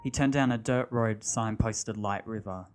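A man narrating a story, reading in a measured, steady way. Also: lowish voice. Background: faint music.

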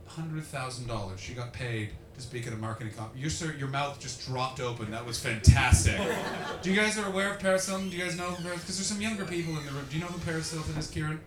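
A young man doing stand-up as a comedian and podcast host, brash and profane, working the crowd with sudden shouted bursts. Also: on the high side, fast talker. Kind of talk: live stand-up crowd work. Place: live comedy venue with an audience. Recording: roomy, distant live recording with noise.

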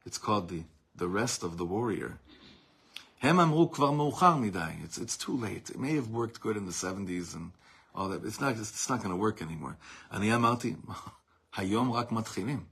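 A man's voice: on the low side, expressive, moderate pace, vocal fry, fairly bright tone, husky. A man, a rabbi, giving an impassioned lesson, mixing Hebrew phrases into his English and swelling in volume at dramatic peaks. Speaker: rabbi teaching a class.

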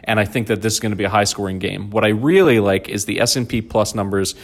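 Low-pitched male podcast host, jokey and rambling, casual sports talk. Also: fast.

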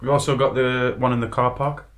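A man's voice: mid-range voice, level tone, brisk, a bit bright. A man with a mid-range voice retells viral videos on a podcast. His humour is bawdy, and he drops in a casual "aye" as he chats. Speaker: podcast co-host. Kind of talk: casual chat.

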